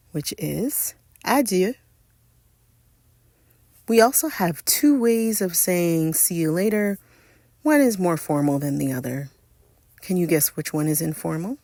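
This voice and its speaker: A woman teaching French phrases in a scripted lesson narration, speaking slowly and carefully and stressing each French word. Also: on the low side, darkish tone, no echo, studio quality. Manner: slow, careful, spells out and stresses French words.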